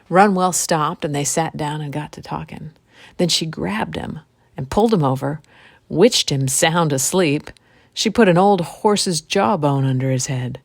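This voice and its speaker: A woman storyteller and podcast host telling an old folk tale in a relaxed, folksy way. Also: sits low, unhurried, vocal fry, no room sound, studio quality.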